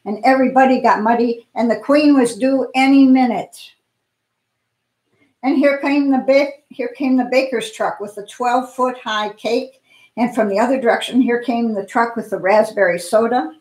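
A woman at a church service reading a children's story aloud in an expressive, playful way. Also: on the high side. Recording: echoey room.

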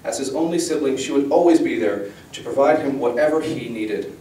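A man, the author, giving an expressive, measured reading of his fantasy novel. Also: mid-range voice, distant mic. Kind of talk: dramatic fantasy book reading. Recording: echoey room, voice from the mic.

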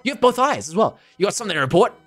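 A young man voicing a loud, bored, tough fish-woman police officer. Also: high-pitched, very animated, very fast, soft background music, voice pushed up, exaggerated voice. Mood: brash.

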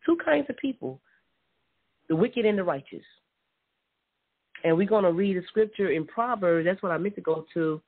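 A preacher giving an informal Bible teaching, reading scripture aloud, often repeating words and affirming with a quiet mm-hmm. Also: mid-range voice, animated, normal speed, long pauses. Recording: tinny phone-line audio.

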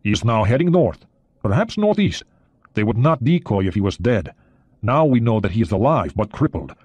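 A man voicing a cold, calm Soviet sub captain. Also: lowish voice, husky, no room sound. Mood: calm confident. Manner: calm, measured, sure of himself. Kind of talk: audiobook character reading.

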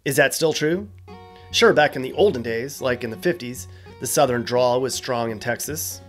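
A man's voice: mid-range voice, moderate pace, faint music behind. Wry man narrating an explainer. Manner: casual, joking, wry asides. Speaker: host.

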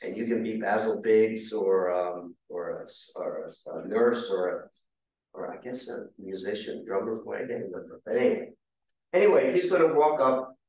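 A man's voice: fairly low pitch, expressive, normal speed, a little mellow, highs cut off. A man giving a casual, conversational history talk with slides to a roundtable audience, now and then asking the room questions. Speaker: guest speaker. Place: meeting hall. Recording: very echoey room, mic far off.

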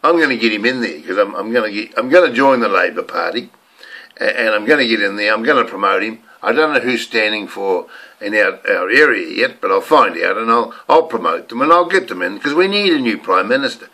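Older New Zealand man, rambling vlog ranter, bright forceful voice with big swings in pitch. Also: animated, brisk. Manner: rambling, ranting, repeats words. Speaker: vlogger. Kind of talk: rambling monologue to camera.

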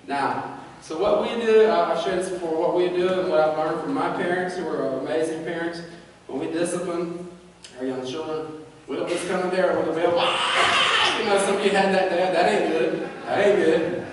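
A man preaching a sermon in a folksy, joking way, swinging between quiet and loud. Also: fairly high pitch, brisk, slight background noise. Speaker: pastor. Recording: echoey church hall from far off.

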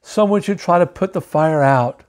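A man reading aloud voices a gentle young woman who loves nature, speaking sweetly and sorrowfully. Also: sits high, normal speed, natural voice. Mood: lamenting.

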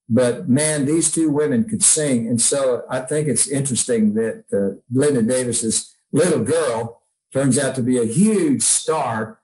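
A man's voice: mid-range voice, darkish tone, a little hiss or hum, poor audio. A man, a songwriter, telling heartfelt stories in a casual interview, rambling with many restarts. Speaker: songwriter guest.

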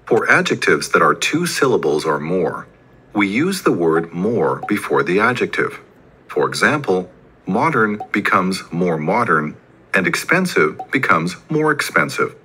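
A man reads a scripted grammar lesson in an even, textbook manner with no fillers. His voice sits low yet sounds bright, with a slightly husky edge and a lively, swinging melody. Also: a little slow. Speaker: recorded lesson narrator.

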